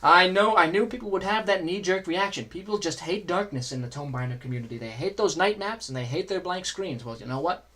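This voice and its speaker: A man's voice: high voice, lively intonation, a little fast, pushed and bright. Chatty joking man streaming a game. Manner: chatty and joking, answers chat mid-play. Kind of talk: casual gameplay commentary.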